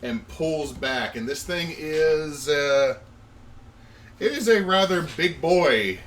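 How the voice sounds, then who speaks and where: A man narrating a tabletop game as game master, describing the scene in a slow, descriptive way with fillers. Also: on the high side, animated, a bit bright. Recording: distant mic with faint noise.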